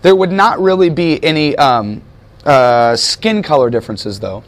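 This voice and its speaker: Speaking in a slightly high, animated voice at a measured pace, this pastor from the United States gives a conversational sermon. He poses questions to the audience and gropes aloud for the right words.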